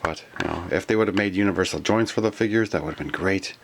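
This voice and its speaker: A man from Canada chatting casually in a toy collector vlog, rambling and grumbling, sometimes whispering names in a drawn-out way. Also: low-pitched, background noise. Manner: rambling and complaining, with stretched-out whispered echoes of names. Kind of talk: casual toy review chat.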